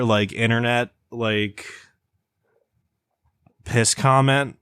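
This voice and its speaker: Young midwest dude rambling on a podcast, kinda low voice, lots of likes and restarts, dry close sound. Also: male voice, moderate pace, no room sound. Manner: rambling, many restarts and fillers. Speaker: podcast co-host. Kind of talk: casual chat.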